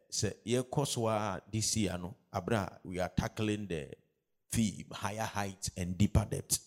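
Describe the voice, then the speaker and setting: A man preaching a sermon, repeating phrases and calling out questions for the congregation to answer, rising to loud, drawn-out emphasis. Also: on the low side. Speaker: pastor.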